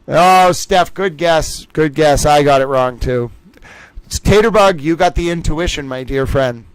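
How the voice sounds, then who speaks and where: A man hosting a livestream trivia game, reading out names and scores and chatting with viewers in a lively way. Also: fairly high pitch, a little slow, smooth, no room sound. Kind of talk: casual livestream chat.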